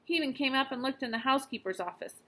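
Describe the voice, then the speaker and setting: A woman's voice: high-pitched, fast talker, bright, forceful tone, slight background noise, voice pushed up. A woman reading aloud, voicing an exasperated, helpless father in a storybook. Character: exasperated father of a sick boy.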